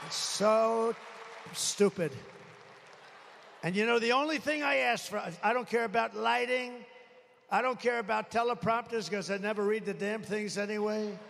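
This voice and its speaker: Gravelly man ranting at a rally. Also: high voice, moderate pace, fairly bright tone, slight background noise. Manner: rambling, boastful, angrily complaining about the mic. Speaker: political rally speaker. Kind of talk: unscripted rally speech. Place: large rally venue. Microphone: podium microphone. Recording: echoey arena with faint crowd.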